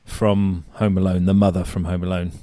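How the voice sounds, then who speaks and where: A man's voice: sits low, little pitch movement, moderate pace, dark tone, dry recording, studio quality. A man co-hosting a podcast in casual chat, jokey and teasing. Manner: jokey, teasing, laughs often. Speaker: podcast co-host.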